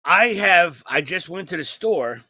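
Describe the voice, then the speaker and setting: Brash, profane comic host with a high, gravelly voice; a rambling storyteller. Bright and cutting. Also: male voice, lively intonation, unhurried, dry recording. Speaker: podcast co-host. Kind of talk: comedic storytelling chat.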